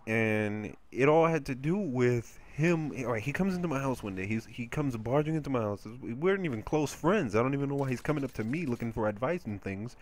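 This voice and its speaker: Male gameplay commentator, casual and crude, rambling storyteller, mid-pitched voice. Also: animated, fairly quick, hardly any pauses.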